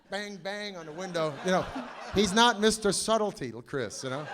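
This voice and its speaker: Man, panel guest, storytelling, stammering restarts, lively pitch, slightly high. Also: normal speed, noisy background. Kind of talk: animated anecdote on stage.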